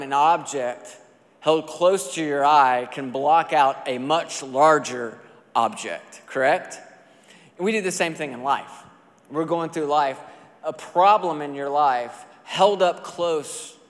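Guy pastor preaching, chatty and animated, voice a bit high, big echoey hall. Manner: conversational, animated storytelling with casual asides. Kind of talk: sermon. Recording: long hall reverb.

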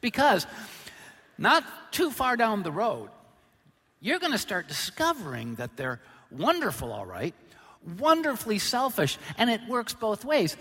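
A middle-aged male pastor preaching a sermon, joking about himself and then hitting points with sudden loud emphasis. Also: high-pitched, wildly swooping pitch, unhurried, husky. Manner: humorous, self-deprecating storytelling with sudden loud emphasis. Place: large church hall. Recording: long hall reverb.

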